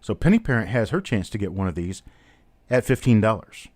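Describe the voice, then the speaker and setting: A man's voice: on the low side, sing-song, brisk, darkish tone, slight background noise. Chatty man calling a live coin auction. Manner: chatty, calls out bidders and prices. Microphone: webcam on a stand.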